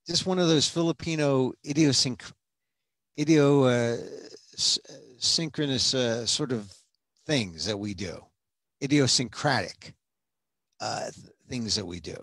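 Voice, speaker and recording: A chatty man hosts a casual livestream. His voice sits at an ordinary middle pitch and is picked up dry and close. He rambles along with many fillers and restarts. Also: fairly bright tone, no echo. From United States. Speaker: museum director hosting a livestream.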